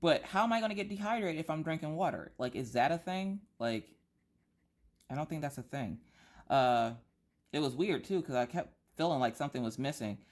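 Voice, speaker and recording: A woman with a stuffy nose chatting casually while she colors for her craft channel, complaining in an animated, exaggerated way full of rhetorical questions. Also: low voice, a little fast. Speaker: craft vlogger.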